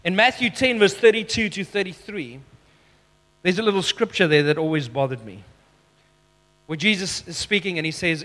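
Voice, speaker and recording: High, bright-voiced male preacher in a hall. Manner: emphatic, slows down for key phrases, self-deprecating asides. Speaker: pastor. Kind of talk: sermon.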